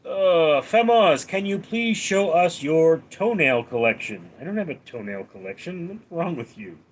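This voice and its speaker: A man's voice: fairly high pitch, animated, measured pace. A man hosting a casual live stream, reading viewers' names and questions aloud and answering them in a dry, offhand way.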